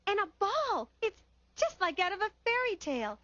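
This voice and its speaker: A woman's voice: very high voice, big pitch swings, moderate pace, pushed and bright, muffled recording, a little hiss or hum, full character voice. A woman voicing Barbie, a cheerful young pop star in an 1980s cartoon, sweet and reassuring, with music playing behind. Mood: delighted.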